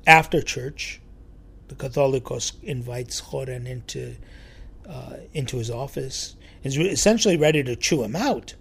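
A man telling a church story in a sermon, lively and acting out the quoted voices. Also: mid-range voice, moderate pace, gravelly, husky. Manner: animated storyteller, acts out quotes.

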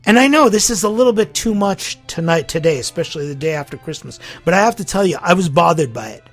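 A man preaching a sermon as pastor, impassioned and full of rhetorical questions, swinging between loud appeals and hushed lines. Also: on the high side, animated, fast talker, soft background music.

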